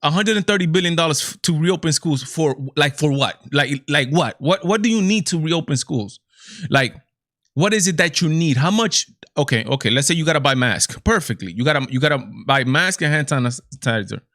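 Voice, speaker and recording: A man's voice: medium pitch, fairly bright tone, no echo, clean studio sound. A man hosting a live political talk stream, speaking emphatically with many restarts and repeated words. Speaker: host of a political talk show.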